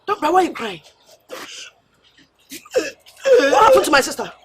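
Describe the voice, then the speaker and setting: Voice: high voice, wildly swooping pitch, normal speed, crowd noise. A frantic Nigerian mother. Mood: anxious. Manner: pleading, anxious questioning.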